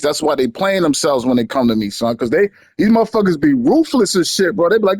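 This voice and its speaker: Young dude shooting the breeze over a game, cussing a lot, voice jumps all over, kinda high, dry close sound. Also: male voice, big pitch swings, fast talker, hardly any pauses, no echo. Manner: profane, slangy storytelling with frequent laughs. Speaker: gamer chatting with friends. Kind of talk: casual gaming banter.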